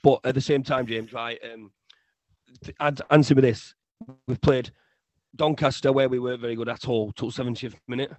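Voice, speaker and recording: A young man co-hosting a casual football podcast, ranting in an animated way and often repeating himself. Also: medium pitch, moderate pace, dry recording. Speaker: podcast co-host.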